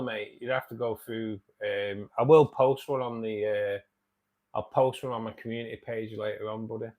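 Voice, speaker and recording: A man in his forties from the outskirts of Manchester, England, hosts a casual livestream, reading out and answering viewer comments in a chatty, matey way. His voice is lowish and darkish, with a steady tone at normal speed.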